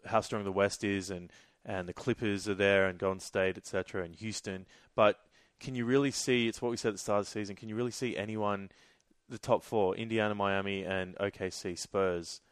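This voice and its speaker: A man's voice: on the low side, steady tone, brisk, few pauses, clean tone, no echo, clean studio sound. A young man co-hosting a podcast, chatting casually and animatedly about sports. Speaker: podcast co-host.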